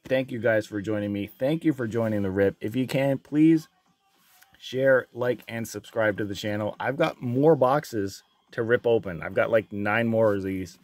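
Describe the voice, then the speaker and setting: A man opening trading card packs on his channel, reading out each card and getting loudly excited and swearing at the big pulls. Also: on the low side, normal speed, hardly any pauses, dry recording, soft background music. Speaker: card breaker. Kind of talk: casual card-opening vlog.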